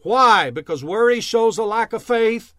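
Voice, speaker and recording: Animated high-voiced man preaching. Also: a little slow, no echo, studio quality. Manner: emphatic, laughs at himself, many uh fillers; preacherly refrains like amen and bless God. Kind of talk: sermon teaching.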